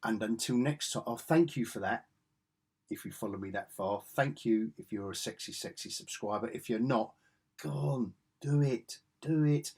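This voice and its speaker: A man's voice: fairly low pitch, normal speed, husky. A middle-aged man vlogging a casual, rambling comic book review in a chatty, self-interrupting way.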